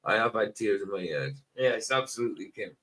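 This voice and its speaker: A man co-hosting a casual group chat show, joking and animated, often tripping over his words. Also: fairly low pitch, brisk. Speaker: podcast co-host.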